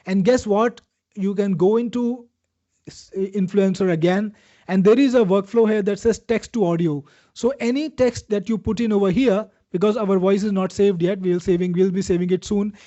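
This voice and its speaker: Male webinar host, high voice, pushy upbeat demo patter, slightly muffled audio. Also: fairly even intonation, moderate pace, mellow. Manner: upbeat, salesy, addresses viewers by name. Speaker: webinar host demoing software. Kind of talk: live product demo answering viewer questions.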